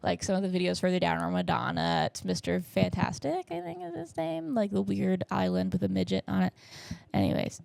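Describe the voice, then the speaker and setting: A woman in her twenties with a stuffy nose talks in a loose, rambling podcast style, full of "like" and "um" and side tangents. Her voice has a gravelly fry to it. It sounds dry and close, with no room sound around her. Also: lowish voice, sing-song, brisk, a little mellow, no echo. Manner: rambling, chatty, lots of fillers and asides. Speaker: podcast host. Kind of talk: casual solo podcast recap. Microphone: camera setup.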